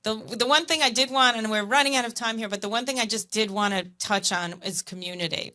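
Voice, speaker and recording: Woman, podcast host, bright clear tone, slightly high voice, affirming conversational manner. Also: a little fast. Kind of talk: conversational interview.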